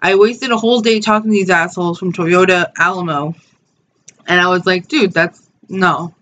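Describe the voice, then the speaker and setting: A woman's voice: fairly low pitch, steady tone, a little fast, a bit bright, highs cut off, slight background noise. Blunt, swearing woman vlogger. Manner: blunt, swears freely, says "like" and "dude" a lot. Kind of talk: casual storytelling vlog.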